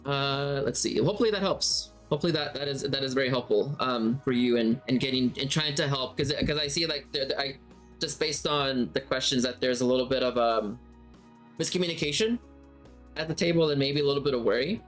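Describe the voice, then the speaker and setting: A man's voice: mid-range voice, fairly quick, a bit bright, soft background music. Man teaching game mastering, thinking aloud. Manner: conversational, thinks aloud and rephrases mid-sentence. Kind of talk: casual spoken lesson answering questions.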